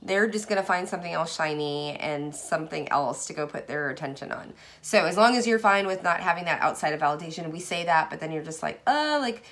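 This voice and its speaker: A woman chatting casually through a tarot reading, effusive, moving from hushed asides to excited bursts. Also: on the low side. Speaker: tarot card reader.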